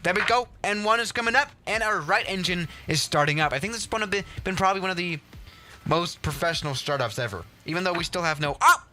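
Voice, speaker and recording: A young man hosting a game livestream, chatting casually in an excitable, rambling and self-mocking way. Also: sits high, quick pace, faint music behind. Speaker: livestream host.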